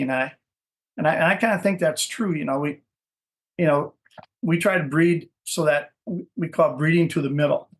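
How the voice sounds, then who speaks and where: Here a dog breeder from Minnesota chats through a casual interview at a moderate pace, his pitch fairly high. His stories ramble, and he repeats words as he gropes for what he means.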